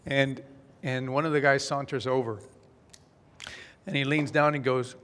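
A man giving a playful, lively conference talk about his book, telling a joke to the audience. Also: mid-range voice, unhurried, pauses often. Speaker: speaker presenting his book. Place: large conference hall. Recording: long reverb of a hall.

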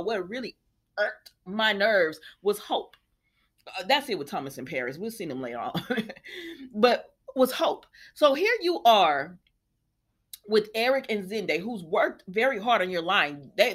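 A young adult woman hosting a casual soap opera recap, talking in a sassy, animated way and acting out the characters' lines. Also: medium pitch.

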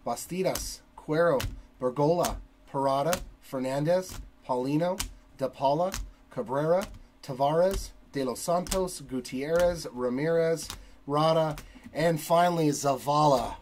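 A man hosting a trading card break, reading long lists of player names in a steady cadence. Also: a little high, a little slow, a little hiss or hum, low-quality recording.

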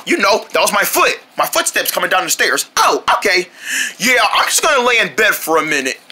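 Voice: mid-range voice, fairly quick, background noise, natural voice. Voice actor as grumpy injured cartoon Foxtail. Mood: grumbling. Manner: complaining, lively, exaggerated, yelling at times. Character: hurt, stubborn, grumpy cartoon character Foxtail. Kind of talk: homemade cartoon voice acting.

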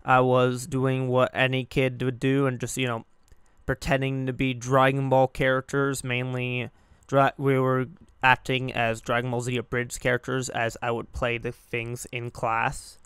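A man's voice: mid-range voice, completely flat delivery, a little slow, fairly bright tone, smooth, no echo, clean studio sound. A young man hosting a gaming channel, talking in a hesitant, rambling way with many fillers, sounding subdued and grieving. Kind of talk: casual reflective monologue.

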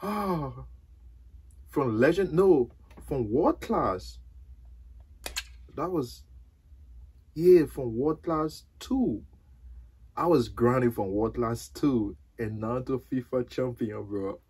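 A man's voice: mid-range voice, expressive, takes it slowly, pauses often, darkish tone, slightly rough. A man reacting to his own mobile football game, exclaiming and repeating words, calling everyone bro. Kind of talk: excited gameplay reaction. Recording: noisy game audio behind.

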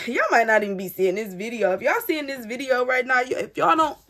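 Woman doing a storytime vlog, kinda high voice, animated and dramatic, talks right to viewers. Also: fairly quick. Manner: animated, dramatic retelling addressed straight to viewers. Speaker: storyteller vlogger. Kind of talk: casual storytime monologue.

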